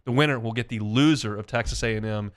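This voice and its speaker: A man's voice: on the low side, fast. A man hosting a sports talk radio show, chatting through recruiting news and stats. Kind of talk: sports talk and live-read ads.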